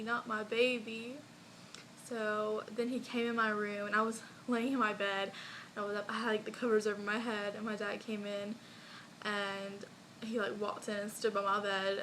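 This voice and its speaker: A woman's voice: medium pitch, sharp tone, slight background noise, rough recording. A young woman vlogger telling a personal story in a casual, chatty way, full of likes and ums and small laughs.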